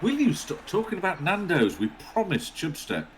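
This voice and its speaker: A man's voice: sits high, very animated, normal speed, slight background noise. A man co-commentating a game livestream, chatty, joking and swearing freely.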